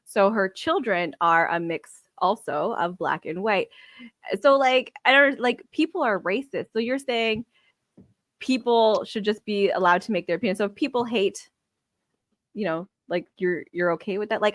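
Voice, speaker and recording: A woman's voice: mid-range voice, normal speed, fairly bright tone, no room sound, studio quality. A woman co-hosting a podcast in casual chat, talking frankly with swearing and acting out what others said. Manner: frank, swears, quotes others in reenacted lines. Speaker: podcast co-host.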